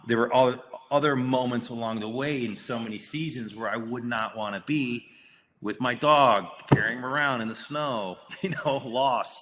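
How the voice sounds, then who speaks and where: A man's voice: mid-range voice, a bit bright. A male actor, a guest on a podcast, telling a story in casual, profane talk full of restarts. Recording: long reverb hall with faint noise.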